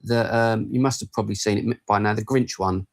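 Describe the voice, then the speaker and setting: Excitable sweary podcast man. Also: on the low side, a little fast. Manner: excitable, sweary, lots of restarts. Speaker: podcast co-host. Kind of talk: casual podcast chat.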